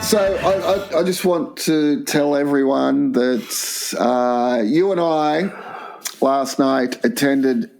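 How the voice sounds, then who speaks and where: A man's voice: fairly high pitch, slow, vocal fry, music in the background, low-quality recording. A man co-hosting a crude comedy podcast, steering the chat with dry, teasing jokes. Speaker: podcast co-host.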